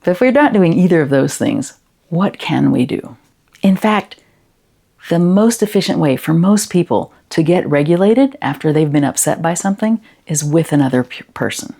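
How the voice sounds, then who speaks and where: Woman presenting to educators, low voice, gravelly, mellow tone, gentle explaining. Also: expressive, normal speed. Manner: gentle, explaining, asks the listener questions. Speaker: educator and consultant.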